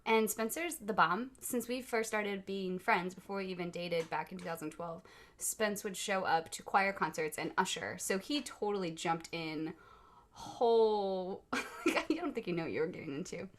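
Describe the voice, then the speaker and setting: A woman's voice: mid-range voice, normal speed. Podcast host, woman, bubbly and giggly, mid-range voice, casual chat. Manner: bubbly, laughs often. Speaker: podcast host, music educator. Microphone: microphone on a boom stand.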